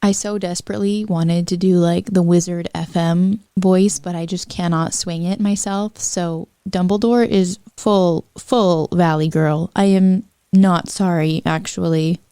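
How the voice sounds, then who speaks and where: Slow, mellow woman reading fanfiction aloud. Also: fairly low pitch, steady tone, clean tone, no echo, studio quality. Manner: wry, unhurried, breaks off with apologetic asides.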